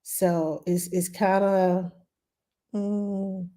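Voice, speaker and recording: A woman's voice: mid-range voice, level tone, extremely slow. A middle-aged woman, a nanny giving chatty parenting advice and answering viewer questions on a live stream. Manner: chatty, loose, reads viewer questions aloud and greets viewers brightly.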